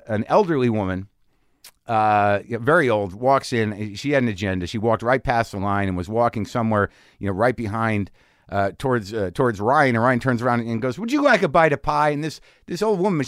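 A man hosting a podcast, telling a story in a casual, animated way and acting out the people in it. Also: medium pitch, dry recording, clean studio sound. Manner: animated, acts out the people in his stories. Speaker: podcast host. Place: home garage studio.

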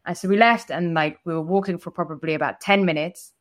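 A woman's voice: lowish voice, fairly even intonation, fast talker. A woman co-hosting a podcast, telling a travel story in casual chat, full of "like" fillers and cheerful swearing. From foreigner living in India. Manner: chatty, with frequent swearing and many "like" fillers. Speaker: podcast co-host.

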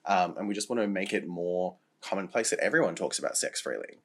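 A man's voice: low-pitched, expressive, fairly quick. A young man cohosting a casual podcast chat, camp and playful, laughing often as he talks. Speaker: podcast co-host.

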